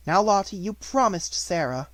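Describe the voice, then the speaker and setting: Composed young girl, gently raised pitch, dry close sound, read by a man. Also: normal speed, no echo. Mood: comforting. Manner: calm, steady, comforting. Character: steady, kind young schoolgirl.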